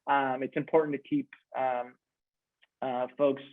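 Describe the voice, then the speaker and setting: A man's voice: medium pitch, little pitch movement. Man telling comic stories over phone. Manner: halting, lots of fillers, switches from frank to joking. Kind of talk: comic personal storytelling. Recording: tinny phone-line radio audio.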